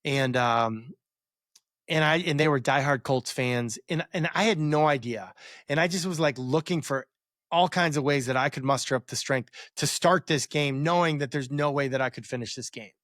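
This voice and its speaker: A man's voice: mid-range voice, normal speed, a bit bright, dry recording. Dry, rambling man telling a story. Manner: rambling, many fillers and restarts. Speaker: guest, former quarterback. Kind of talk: reflective storytelling interview.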